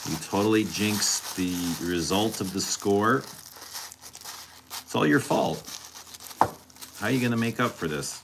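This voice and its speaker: Deep-voiced man teasing his chat. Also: animated, unhurried, gravelly, pauses often, noisy background. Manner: teasing, chatty, answers chat directly. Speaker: fragrance streamer. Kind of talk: casual live-stream chat.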